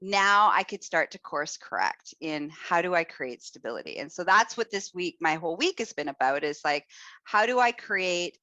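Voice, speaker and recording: Animated, bright-voiced woman host. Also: fairly low pitch, normal speed, no echo. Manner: animated, expressive, blunt. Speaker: podcast host. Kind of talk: casual chat.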